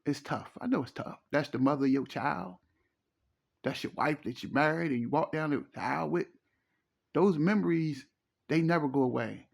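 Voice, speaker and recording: A man's voice: fairly high pitch, moderate pace, gravelly. A middle-aged man, giving preachy, emphatic relationship advice in a casual monologue and repeating his phrases. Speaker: relationship commentator.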